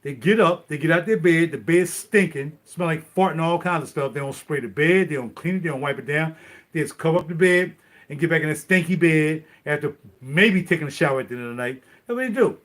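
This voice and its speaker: A middle-aged man talks straight to his viewers in a loose live-stream chat. His voice sits a little high for a man. He rambles from one thought to the next as he goes. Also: a little fast, fairly bright tone. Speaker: vlogger.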